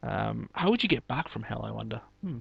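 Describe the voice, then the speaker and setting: A man's voice: on the low side, big pitch swings, brisk, creaky, breathy edge, no room sound, dull audio. A man co-hosting a casual wrestling podcast, talking loosely with lots of fillers and frequent laughter. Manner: chatty, laughs often, many fillers. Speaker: podcast co-host. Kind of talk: casual chat.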